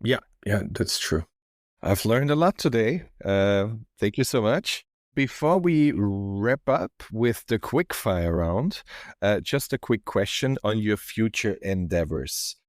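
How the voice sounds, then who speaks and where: A man's voice: fairly low pitch, lively intonation, slow, no room sound, studio quality. A man hosting a podcast interview, asking short questions and giving brief attentive replies. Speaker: podcast host.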